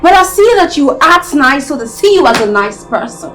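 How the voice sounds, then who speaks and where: A Nigerian woman playing a cruel, scheming young wife who taunts her victims in a drawn-out, mocking way. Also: high-pitched, big pitch swings, a bit bright, faint music behind. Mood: taunting. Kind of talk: Nollywood film acting.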